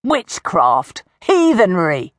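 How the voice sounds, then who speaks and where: A woman voicing a crude, indignant old village woman who shouts accusations in a coarse, shrill voice. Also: huge pitch swings, extremely slow, dry recording, studio quality, heavily acted. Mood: accusing.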